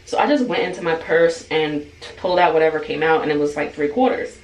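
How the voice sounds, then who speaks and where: A woman's voice: low-pitched, expressive, quick pace, a little mellow, far from the mic. A woman tells a casual vlog storytime in a chatty flow, leaning on "like" and slipping into the voices of the people in it. She sits back from the mic in a roomy space, with a faint hiss of noise behind her. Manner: chatty, heavy use of "like", acts out quoted dialogue. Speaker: beauty vlogger.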